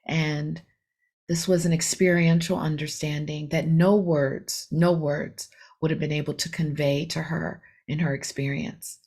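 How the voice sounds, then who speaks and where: A woman meditation teacher gives a reflective dharma talk, retelling a story with plenty of fillers, self-corrections and rhetorical questions. Her voice sits low and is slightly mellow, with a level tone and a slightly slow pace.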